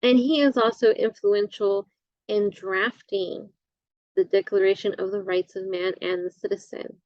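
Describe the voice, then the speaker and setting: A woman instructor giving a recorded lecture, halting often with fillers and correcting herself as she goes. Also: medium pitch, fairly even intonation, a little mellow, dry recording, muffled recording.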